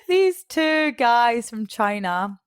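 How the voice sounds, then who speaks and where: 陽気にしゃべるスコットランド訛りの若い女性. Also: female voice, a little high, drawn-out words, smooth, no room sound, studio quality. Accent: Scottish. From Scotland. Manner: chatty, laughs often, animated quoting of others. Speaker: podcast guest. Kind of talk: casual storytelling interview.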